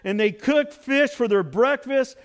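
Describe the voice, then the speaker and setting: A man pastor preaching a sermon in an animated, conversational storytelling way. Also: very high-pitched, unhurried.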